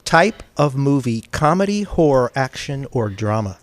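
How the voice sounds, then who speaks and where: A man hosting an interview, quick and upbeat, giving short affirming replies. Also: mid-range voice, big pitch swings, dry recording. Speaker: interview host. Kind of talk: casual interview.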